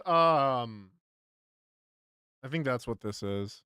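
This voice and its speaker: A man's voice: medium pitch, very animated, drawn-out words, pauses often, pushed and bright, smooth, no echo, clean studio sound. A young man live-streaming, chatting to his viewers as he guesses games, muttering and swearing at misses. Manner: hums game tunes under his breath.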